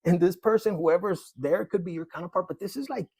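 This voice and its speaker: Gravelly high-voiced man reading tarot. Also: fairly quick, dry recording. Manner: animated, slangy, laughs often, acts out quoted voices. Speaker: tarot reader. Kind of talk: casual tarot reading monologue.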